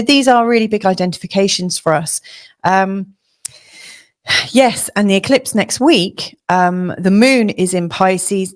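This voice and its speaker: A woman astrologer giving a casual weekly forecast, chatty and hesitant, with a slightly hoarse voice. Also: on the low side. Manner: chatty, hesitant with many fillers and restarts. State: slightly hoarse, losing her voice.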